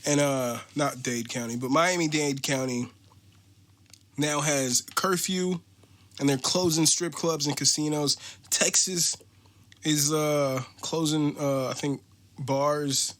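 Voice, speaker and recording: A man's voice: on the high side, fairly even intonation, slow, fairly bright tone. An American man hosting a podcast, ranting in a casual, profane, mocking way. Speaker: podcast host.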